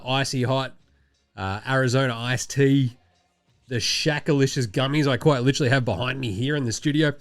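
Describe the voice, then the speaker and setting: A man with an Australian accent hosting a casual sports chat from a studio, nasal from a head cold, animated and swearing. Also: mid-range voice. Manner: animated, swearing, mocking put-on voices. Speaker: podcast host. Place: home studio.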